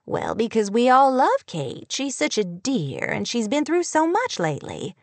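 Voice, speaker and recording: A woman's voice: a little high, huge pitch swings, unhurried, vocal fry, a little mellow, dry recording, pitched above the performer's own voice, full character voice. Woman playing a nosy small-town gossip. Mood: gushing. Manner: prying, falsely sweet.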